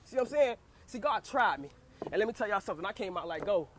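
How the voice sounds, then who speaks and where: Her medium-pitched voice is fast with lively intonation, and there's a little hiss or hum. The young woman preaches her personal testimony fervently, repeating phrases and calling out "you hear what I say?" to those listening.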